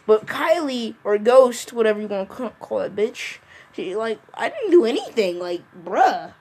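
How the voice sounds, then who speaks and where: A man's voice: high voice, big pitch swings, normal speed, darkish tone, slight background noise. A young man in casual banter with a friend, teasing and crude, mocking others with put-on voices. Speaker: friend in a recorded chat.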